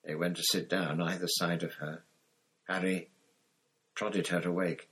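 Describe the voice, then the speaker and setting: A low-voiced man narrating a storybook in a plain, unhurried reading. He carries on steadily through the odd slip. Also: level tone, fairly bright tone, breathy edge. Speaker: reader.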